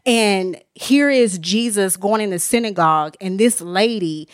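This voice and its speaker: A woman's voice: mid-range voice, unhurried, no echo, studio quality. A woman speaks earnestly and emotionally as a podcast guest, sharing her faith testimony in a casual, candid way with many restarts. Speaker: author and minister, podcast guest. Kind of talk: candid personal testimony in conversation.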